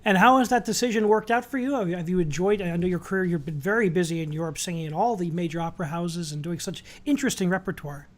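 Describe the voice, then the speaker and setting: A man's voice: high-pitched, fast talker, hardly any pauses. A man hosting a conversational interview, asking questions in an encouraging way. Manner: warmly encouraging, asks questions. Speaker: interviewer, host.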